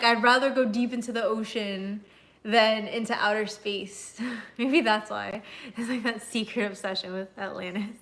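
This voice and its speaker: A woman's voice: medium pitch, fairly even intonation, moderate pace, a bit bright. A young woman streaming from home, chatting loosely with viewers, laughing often and swearing casually. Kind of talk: casual live-stream chat. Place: her home.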